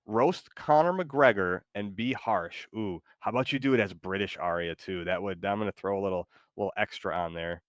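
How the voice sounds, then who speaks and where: A man talks over his gameplay in a casual, rambling way, full of fillers and bursts of excitement. His voice sits on the low side. The sound is close and dry, with no room behind it. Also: moderate pace, hardly any pauses, no echo. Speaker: gaming streamer. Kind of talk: casual live commentary while playing.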